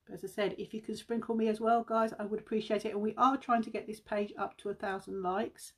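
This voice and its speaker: A woman's voice: medium pitch, steady tone, quick pace, slightly rough. A British woman on a casual beauty live stream, chatty and a little out of breath, calling her viewers guys and humming to herself as she works. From United Kingdom. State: slightly out of breath. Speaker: beauty seller livestreaming.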